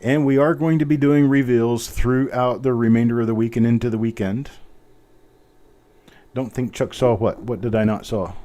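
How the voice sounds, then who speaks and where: A man's voice: mid-range voice, steady tone, moderate pace, warm tone. A man hosting a live coin auction stream, chatting casually, poking fun at himself and reading out bidders while he types. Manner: chatty, self-mocking, reads out bidders while typing.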